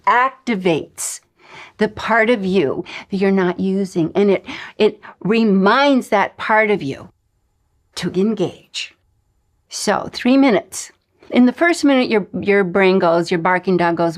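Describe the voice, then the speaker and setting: A woman's voice: medium pitch, a little slow. Emphatic woman coaching a spiritual lesson. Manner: emphatic and coaching, with breathy whispered asides. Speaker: spiritual teacher. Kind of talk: recorded lesson.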